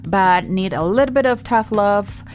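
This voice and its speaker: A woman's voice: mid-range voice, measured pace. Podcast co-host, woman, accented English, frank and playful, faint music bed. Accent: non-native English. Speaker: podcast host, social media and branding strategist. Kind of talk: casual co-hosted podcast chat.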